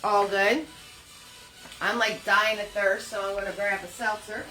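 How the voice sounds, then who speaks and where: A chatty woman with a New Jersey accent and a bright, forceful voice, teaching a painting class live. She laughs easily and greets viewers by name, and faint music plays underneath. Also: medium pitch, steady tone, unhurried, low-quality recording. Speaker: painting instructor.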